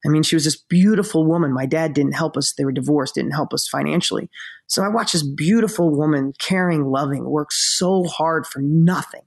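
A man's voice: fairly high pitch, moderate pace, creaky. A man as a podcast guest, telling a personal story in an earnest, emotional way, close to tears.

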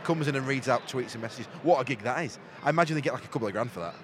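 A man co-hosting a podcast, talking in playful, lively banter and laughing easily. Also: medium pitch, rapid-fire. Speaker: podcast co-host. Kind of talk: casual banter. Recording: noisy background.

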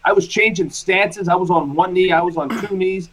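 A man's voice: high-pitched, a little fast, fairly bright tone, poor audio. A man and former catcher recalling games in casual chat, poking fun at himself. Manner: self-mocking, rambling recollection.

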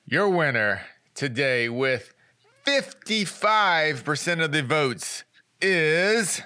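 A man, the show's producer, announcing a poll winner in a giggly, drawn-out way. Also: a little high, lively intonation, pushed and bright, smooth. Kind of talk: casual podcast chat.

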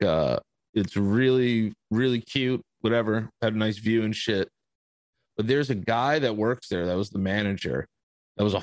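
A man's voice: fairly low pitch, no room sound. A young man, cursing casually as he tells a long story on a podcast. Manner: profane, rambling storyteller. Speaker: podcast host.

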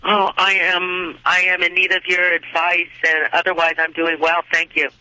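A woman's voice: fairly low pitch, monotone, moderate pace, pushed and bright, dry recording, poor audio. A woman from Southern California calling in to a radio show, talking in a hesitant, rambling way with many fillers. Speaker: caller. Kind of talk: phone-in question.

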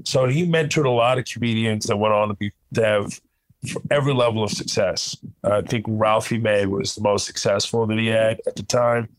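A man from Kuwait tells stories as a guest comedian, animated and loose with plenty of "like" fillers. His voice sits fairly low. The sound is close and dry, with no room around it. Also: moderate pace, no room sound, poor audio. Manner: animated, lots of "like" fillers, chuckles while talking. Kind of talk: conversational storytelling.

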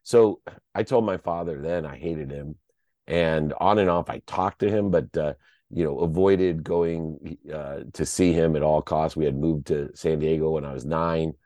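A man's voice: very deep voice, measured pace, mellow, no echo. A middle-aged American man sharing a personal story as a podcast guest, heartfelt and choked up at times, restarting his sentences. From United States. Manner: heartfelt, choked up at times, restless repeated starts.

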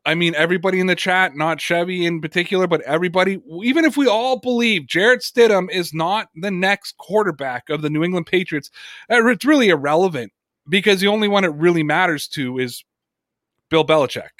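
A man co-hosting a casual sports podcast, talking in an animated, emphatic way and reading chat comments aloud. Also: sits high, brisk, no echo, clean studio sound. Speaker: podcast co-host.

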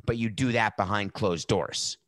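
A man's voice: fairly low pitch, moderate pace, fairly bright tone, dry recording. A middle-aged man hosting a podcast, giving blunt, sarcastic opinion commentary. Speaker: podcast host.

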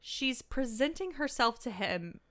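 A woman's voice: on the high side, a little slow. A woman co-hosting a podcast, casually recapping a movie and acting out characters' lines as she tells it. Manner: animated storytelling, acts out quoted lines. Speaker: podcast co-host. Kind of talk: casual chat recapping a film.

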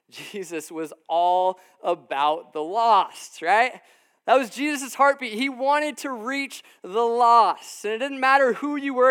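A man's voice: high voice, a bit bright, smooth. A man preaching in a casual, conversational way, with lots of fillers and restarts, acting out what the people in his story say. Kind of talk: sermon. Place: room with a live audience.

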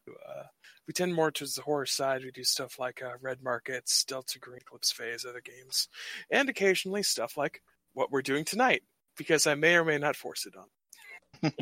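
A man's voice: medium pitch, pushed and bright, no echo. An American man from the United States, a guest player chatting casually and joking with a ready laugh. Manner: jokey, laughs often. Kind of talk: casual chat.

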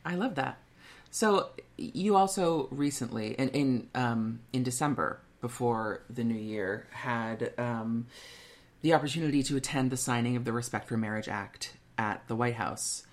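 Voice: mid-range voice, unhurried. A podcast host asking long, rambling questions in a casual chat, full of fillers.

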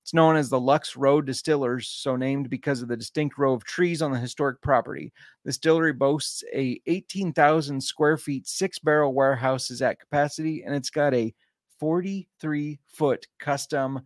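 A man's voice: medium pitch, steady tone, normal speed, dry recording, clean studio sound. A man co-hosting a casual podcast, joking and easygoing, sometimes reading notes aloud. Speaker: podcast co-host.

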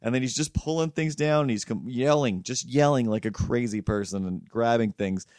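A man's voice: medium pitch, normal speed, a little mellow, no echo, clean studio sound. A man hosting a podcast, telling a rambling, profane story in casual chat. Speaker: podcast host.

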